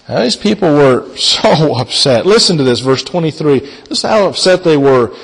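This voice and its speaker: A man preaching a sermon in a dramatic manner, swinging between loud emphasis and hushed asides and repeating key phrases. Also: a little high, expressive, normal speed, creaky, few pauses. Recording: long hall reverb.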